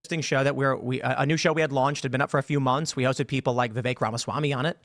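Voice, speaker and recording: A man's voice: medium pitch, fairly even intonation, a bit bright, dry recording. Hesitant man explaining his show. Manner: halting, many fillers and restarts. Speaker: podcaster being interviewed. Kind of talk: explanatory statement in a played clip.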